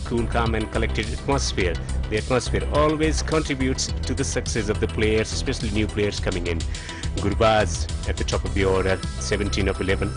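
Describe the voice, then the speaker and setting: A man giving earnest live cricket commentary, often repeating words as he restarts a phrase. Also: on the low side.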